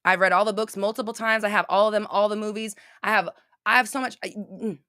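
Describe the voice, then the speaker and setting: A woman's voice: mid-range voice, steady tone, fairly quick, sharp tone, no echo, studio quality. A young adult woman hosting a casual live-stream chat, talking bluntly and swearing freely as she rants. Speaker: podcast host.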